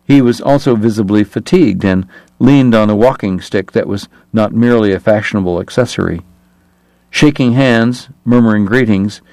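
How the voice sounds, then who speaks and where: A man giving steady scripted narration of a novel. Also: on the low side, no room sound. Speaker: audiobook narrator.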